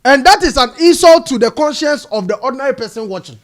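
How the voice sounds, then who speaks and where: Give me an emphatic Ghanaian man with a high, animated voice, arguing on a panel. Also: quick pace. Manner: emphatic, mixing English and Twi.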